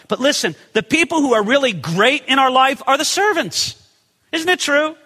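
A man preaching in a bright, ringing voice that sits high and swings widely in pitch. He is lively and conversational, throws rhetorical questions at his listeners and slips into the voices of the people he talks about. A long hall reverb trails after his words. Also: normal speed. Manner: animated, acts out the people in the story. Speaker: pastor. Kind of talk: expository sermon.

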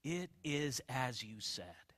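A man quietly voicing a calm, unafraid prisoner on trial, speaking slowly. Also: medium pitch, no room sound, studio quality, long reverb tail, voice pushed down, heavily acted.

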